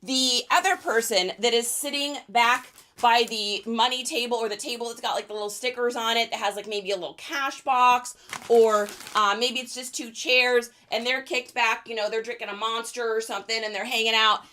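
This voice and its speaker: Woman livestream host, bright higher voice, fast and chatty, laughs a lot while answering viewers. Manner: quick, chatty, laughs often. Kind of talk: casual livestream chat with viewer questions.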